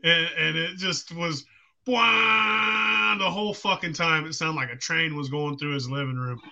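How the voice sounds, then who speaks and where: A man's voice: fairly high pitch, steady tone, moderate pace, gravelly, sharp tone, lo-fi sound. A man hosting a podcast, rowdy and profane, laughing through his stories. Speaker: podcast host. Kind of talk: casual chat.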